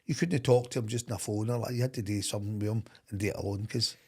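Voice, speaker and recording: A middle-aged Scottish man, a former football manager, telling stories in a lively way with frequent laughs. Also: on the low side, racing, breathy edge. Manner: animated, laughing anecdote-teller. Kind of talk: storytelling in podcast chat.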